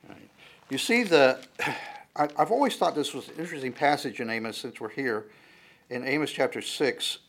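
A man's voice: medium pitch, animated, moderate pace, a bit bright. A man preaching a conversational sermon, joking along the way, with frequent fillers and restarts.

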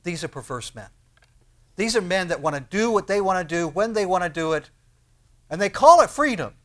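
Emphatic preacher, quiet to booming. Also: male voice, lively intonation, fairly quick. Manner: swings from hushed to loud, emphatic and questioning. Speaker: pastor. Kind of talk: sermon.

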